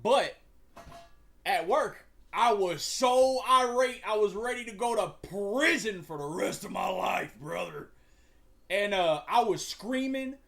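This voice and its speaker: A man's voice: high voice, lively intonation, takes it slowly, gravelly, a bit bright. A young man hosting a livestream, chatting casually in a slangy, profane, rambling way with frequent stumbles. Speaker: livestream host.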